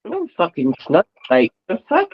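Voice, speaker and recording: A woman's voice: on the low side, wildly swooping pitch, unhurried, breathy edge, no room sound. A woman chatting casually, drawling and swearing, her thoughts meandering. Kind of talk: casual profane chat. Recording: dull lo-fi audio.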